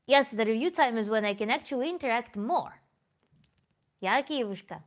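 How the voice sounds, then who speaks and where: A woman's voice: fairly high pitch, expressive, normal speed. A woman tantra coach hosting a livestream Q&A, reading chat comments aloud in a thoughtful, self-correcting way with small laughs.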